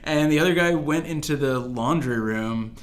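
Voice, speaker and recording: A man's voice: on the high side, normal speed. A young American man hosting a podcast, chatting casually and telling jokey stories with many "like"s and restarts. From United States. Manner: rambling, filler-heavy, jokey storytelling. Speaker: podcast host.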